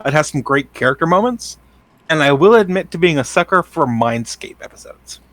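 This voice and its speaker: A man's voice: a little high, animated, a little fast, fairly bright tone, dry recording. A man co-hosting a podcast, loose and enthusiastic in casual chat, with some cursing. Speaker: podcast co-host.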